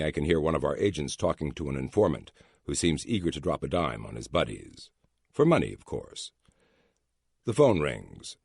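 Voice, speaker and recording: Deep, husky man narrating an audiobook. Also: no echo, studio quality. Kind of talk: first-person audiobook narration.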